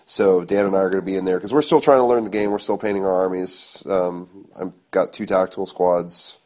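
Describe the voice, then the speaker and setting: A man's voice: low-pitched, fairly even intonation, brisk, darkish tone. A man hosting a podcast, laid-back and profane in casual chat. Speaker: podcast host.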